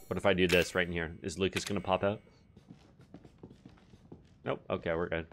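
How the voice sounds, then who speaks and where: A man's voice: deep voice, flat delivery, moderate pace, long pauses, fairly bright tone, slight background noise. A man streaming a horror game, joking and swearing as he talks to his chat. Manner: profane, jokey, talks to chat. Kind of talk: casual gameplay commentary. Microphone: desk microphone.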